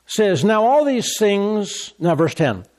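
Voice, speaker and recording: A man preaching a sermon, repeating scripture references and mocking complainers in an animated way. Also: sits high, slow. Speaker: pastor.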